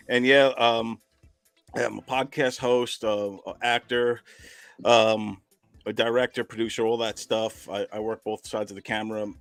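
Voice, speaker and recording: A man in his fifties from Long Island, a guest on a video call, relaxed and hesitant, with many ums. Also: fairly low pitch, no room sound. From Long Island, New York. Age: 50s. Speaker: guest, podcast host and video editor. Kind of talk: casual video call chat.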